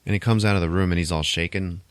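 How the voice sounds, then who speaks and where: A man casually recapping a film's plot on a podcast, loose and wry, swearing and tossing in quick mock voices for the characters. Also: sits low, steady tone, no room sound. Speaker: podcast host recapping a film. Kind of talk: casual chat.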